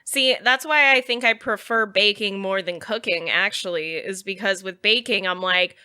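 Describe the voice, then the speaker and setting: Woman, comedian guest, casual podcast chat, bright tone, loose and profane. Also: medium pitch, normal speed, few pauses, clean tone, no echo, studio quality. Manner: loose, profane, playful storytelling.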